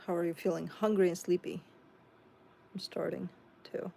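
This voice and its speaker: A woman's voice: fairly low pitch, little pitch movement, normal speed, vocal fry, warm tone, slight background noise. A woman with a Chicago accent hosting a tarot live stream, reading viewer comments aloud and chatting back casually.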